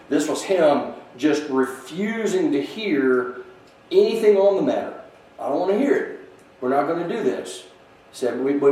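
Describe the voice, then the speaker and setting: A man with a darkish, somewhat high voice leads a church Bible class conversationally, often restarting sentences and reading scripture aloud. He's recorded from a distance in an echoey room.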